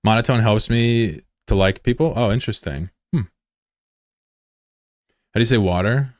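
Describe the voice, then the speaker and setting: A man with a Mid-Atlantic American accent who streams a game and chats casually in a plain, monotone way while reading viewer messages. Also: fairly low pitch, moderate pace, no room sound, studio quality. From United States. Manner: self-described monotone, plain and laid-back.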